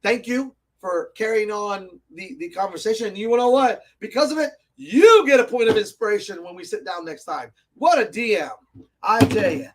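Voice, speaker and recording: A man with a high-pitched voice hosts a laid-back tabletop gaming chat. He rambles, gets carried away with excitement and laughs a lot, talking from a comic and game shop. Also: normal speed, slight background noise. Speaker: host of a tabletop gaming show. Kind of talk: casual live stream chat.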